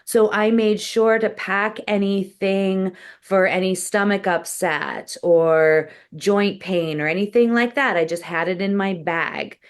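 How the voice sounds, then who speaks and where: A woman's voice: mid-range voice, takes it slowly, hardly any pauses, smooth. A woman comedian from the United States, telling stories as a guest in a casual interview. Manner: storytelling, animated.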